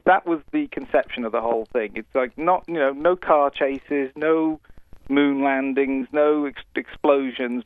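A man's voice: medium pitch, clean tone, no echo. A Welsh film director, a man, chatting in a self-deprecating way as a radio guest on the phone, laughing often. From Wales. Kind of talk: casual radio interview over the phone. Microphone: phone call. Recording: muffled phone line, dry.

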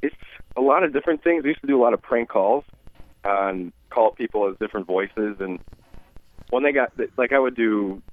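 A man who does impressions, as a guest on a radio show, talking easygoing and halting by phone. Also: medium pitch, no room sound. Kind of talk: casual radio interview. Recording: tinny phone line.

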